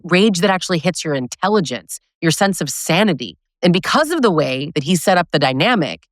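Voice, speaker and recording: A woman's voice: sits low, dry recording, studio quality. A woman educator talking straight to her viewers, emphatic and coaching, often tagging her points with "right?". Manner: emphatic, keeps adding "right?"; direct, coaching tone. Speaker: abusive relationship educator. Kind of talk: direct-to-camera talk.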